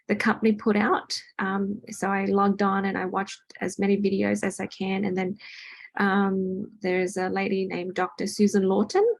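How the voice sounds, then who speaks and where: A woman's voice: mid-range voice, gravelly. A woman hosting a casual home chat, talking loosely with lots of ums and restarts. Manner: chatty, many ums and restarts. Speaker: host. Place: home with a party in another room.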